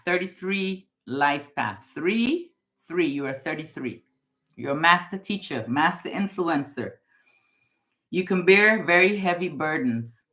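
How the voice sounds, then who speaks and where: A woman from Guyana giving a live tarot reading, calling the listener darling and baby and repeating their name. She swings between excited high exclamations and low, hushed advice. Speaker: tarot reader.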